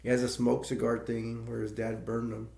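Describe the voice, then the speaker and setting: A man's voice: medium pitch, completely flat delivery, moderate pace, creaky, a little mellow. A man casually retelling a film's plot as a movie reviewer, rambling and laughing between points. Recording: echoey room.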